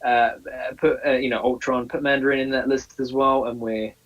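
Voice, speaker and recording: A man's voice: medium pitch, little pitch movement, a little fast, fairly bright tone, far from the mic, lo-fi sound. A man co-hosting a casual live stream, agreeable and hesitant, with many fillers. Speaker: co-host. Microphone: earphones mic over a call.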